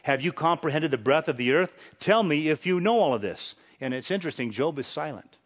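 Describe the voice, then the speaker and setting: A man's voice: fairly high pitch, lively intonation, brisk. A man preaching a sermon, reading scripture dramatically and pressing rhetorical questions with chuckles. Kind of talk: sermon, Bible exposition.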